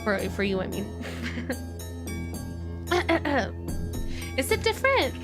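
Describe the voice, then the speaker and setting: A young woman streaming a visual novel and chatting live with her viewers, animated, with frequent gasps and laughs. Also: high-pitched, drawn-out words, loud music behind the voice. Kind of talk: casual live-stream chat.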